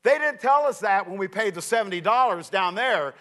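Animated, bright-voiced storytelling preacher. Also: male voice, high-pitched, a little fast. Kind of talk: sermon illustration.

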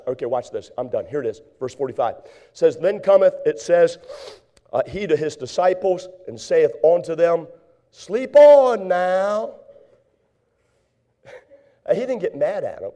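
Male preacher, high and mellow, animated sermon delivery with loud acted-out voices and hushed asides. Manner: reads scripture in slow drawn-out tones.

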